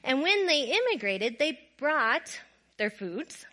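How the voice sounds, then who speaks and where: A woman's voice: sits high, takes it slowly. A middle-aged woman telling a funny story to her viewers, often breaking into laughter as she goes. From Minnesota. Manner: laughs often while telling stories, animated. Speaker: storyteller vlogger. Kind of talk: casual storytelling to camera.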